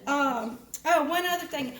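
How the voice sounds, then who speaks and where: A woman's voice: high-pitched, unhurried, background noise. A woman making a chatty, rambling announcement to a meeting, often laughing. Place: meeting room of an art association. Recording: roomy meeting hall.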